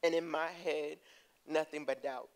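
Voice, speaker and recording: A woman giving a heartfelt personal testimony to her church, earnest and quick to laugh. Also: low voice, poor audio. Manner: earnest, laughing, breaks into excited storytelling. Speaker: congregation member giving testimony. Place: church sanctuary.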